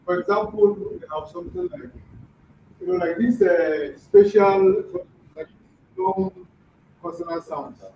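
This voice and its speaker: A man's voice: high voice, sing-song, unhurried, gravelly, long pauses, mellow, slight background noise. A man teaching a classroom lesson, often quizzing the students with questions. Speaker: language teacher. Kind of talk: classroom lecture. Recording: dull echoey room from far off.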